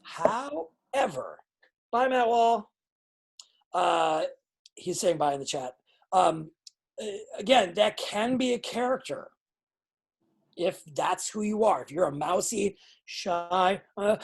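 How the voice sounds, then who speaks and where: A woman runs a live online wrestling class, giving students blunt feedback and swearing freely. Her voice has a husky edge and sits at a middle pitch. She sounds like she is on a video call. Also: expressive, unhurried. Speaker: pro wrestling trainer.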